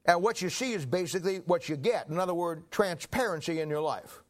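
Man, older preacher, sermon, folksy anecdotes, frequent throat clearing, somewhat raised pitch. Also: brisk. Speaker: pastor.

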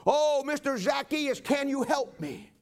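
A man's voice: very high-pitched, lively intonation, a little slow, voice pushed up, exaggerated voice. A man playing a tearful, desperate mother. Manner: tearful, pleading. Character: desperate, weeping mother of small children.

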